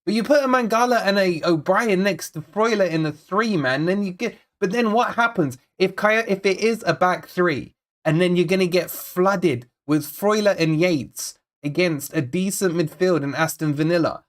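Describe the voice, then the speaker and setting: A man's voice: high-pitched, moderate pace, hardly any pauses. A man hosting a live football watch-along, chatting casually to viewers, rambling and repeating himself as he frets over the team and reads out chat messages. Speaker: fan channel host.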